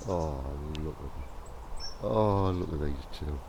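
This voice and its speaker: A man talks slowly into a handheld camera while out walking in the countryside. He speaks in a soft, musing way, and birdsong and rural noise are clearly audible behind his voice. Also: extremely low pitch. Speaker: vlogger. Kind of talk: outdoor walking vlog. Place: outdoors in the countryside.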